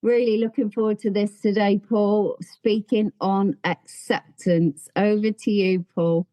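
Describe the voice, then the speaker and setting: A woman's voice: mid-range voice, level tone, measured pace, dark tone. A woman hosting an online meeting, graciously welcoming and introducing the speaker. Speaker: meeting host.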